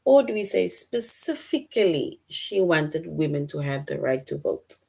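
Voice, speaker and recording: Slow, low-voiced woman teaching children. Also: very animated, darkish tone. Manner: patient, checks in with frequent "right?"; reads sentences aloud slowly and clearly. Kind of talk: online lesson for children.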